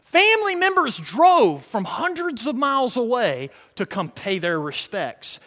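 A man preaching a sermon, swinging between loud shouted lines and hushed quiet ones. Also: extremely high pitch, sing-song, unhurried. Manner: dramatic swings from shouting to near-whisper. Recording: long reverb of a hall.

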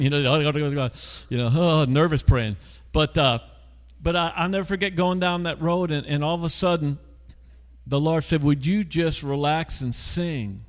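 Man preaching in a reverberant church. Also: on the high side. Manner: storytelling, asks the congregation questions. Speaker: pastor. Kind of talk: conversational sermon.

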